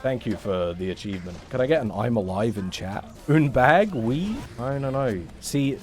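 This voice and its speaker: A man's voice: on the low side, fairly quick, darkish tone. A young English man on a casual livestream, rambling in a sarcastic, sweary way. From England. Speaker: streamer.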